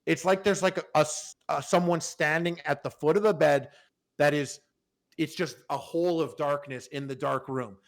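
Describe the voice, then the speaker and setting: A man's voice: on the high side, steady tone, normal speed. A man telling a long, rambling story on a podcast in casual chat, swearing freely and full of fillers. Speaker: podcast panelist.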